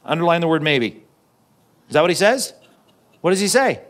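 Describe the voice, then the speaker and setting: A man's voice: on the high side, sing-song, normal speed, fairly bright tone. Conversational preacher man. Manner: conversational preaching, dramatizes quotes, jokey asides. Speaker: pastor. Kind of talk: sermon.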